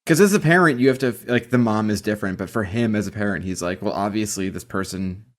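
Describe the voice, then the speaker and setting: A man's voice: lowish voice, fast. A man co-hosting a podcast, chiming in with thoughtful opinions. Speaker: podcast co-host. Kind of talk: casual chat.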